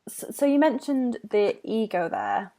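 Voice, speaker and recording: A woman's voice: fairly high pitch, sing-song, measured pace, dark tone. A woman hosting a podcast interview, agreeing with her guest and asking follow-up questions. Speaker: podcast host.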